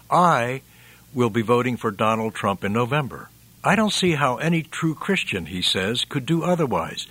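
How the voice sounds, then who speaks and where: A male commentary host with a measured, emphatic delivery who chuckles between points. His voice sits at a middling pitch and is recorded dry and close, with no room sound. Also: bright, forceful tone, no echo. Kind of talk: commentary reading listener responses.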